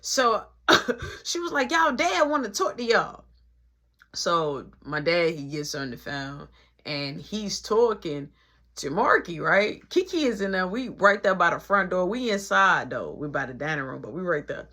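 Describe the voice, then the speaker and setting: Animated young woman telling a story. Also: fairly low pitch, measured pace. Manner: animated, swooping, repetitive storytelling. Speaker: vlogger. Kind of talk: casual storytime.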